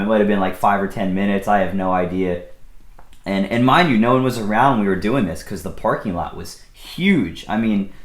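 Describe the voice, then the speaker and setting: A young man from Pennsylvania casually telling a personal story, rambling along with lots of fillers and restarts. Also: lowish voice. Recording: echoey room.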